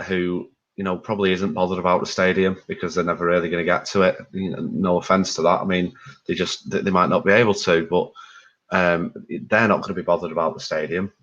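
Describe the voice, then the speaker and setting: A man's voice: low-pitched, a bit bright. A man talking as a fan pundit in a casual discussion. He speaks candidly, rambles and swears. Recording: dull lo-fi audio.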